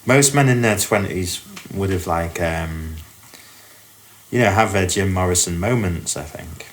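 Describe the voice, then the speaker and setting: Deep-voiced rambling man from Doncaster. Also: unhurried, slight background noise. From Doncaster, England. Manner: rambling, full of "like" and "um". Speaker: podcast co-host. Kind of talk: casual comedy chat.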